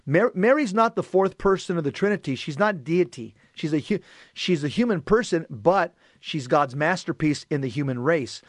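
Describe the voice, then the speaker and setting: A man's voice: a little high, animated, moderate pace, no room sound. A man hosting a show, earnestly reading and explaining scripture in a teaching manner. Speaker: host.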